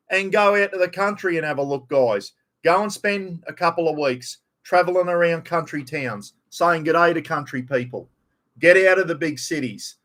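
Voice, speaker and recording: A man's voice: a little high, a bit bright. A middle-aged man with a broad North Queensland Australian accent, rambling bluntly and swearing freely during a casual live stream chat.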